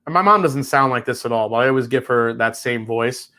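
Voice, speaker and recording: Hosting a whiskey tasting livestream, this reviewer has a medium-pitched voice that's pushed and bright, moving a little fast. He's relaxed and chatty, laughs readily, and drops the occasional casual swear.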